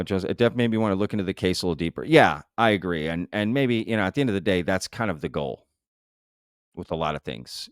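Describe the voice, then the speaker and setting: A man's voice: low-pitched, clean tone, dry recording, clean studio sound. A man hosting a live stream, chatting casually and loosely with lots of fillers. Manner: loose and conversational, full of fillers. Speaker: show host. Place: home live-stream setup.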